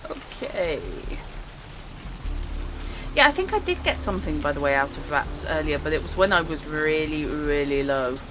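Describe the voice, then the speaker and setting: A woman's voice: deep voice, expressive, moderate pace, background noise. A woman streaming a game and commenting casually, wry and chatty with her chat.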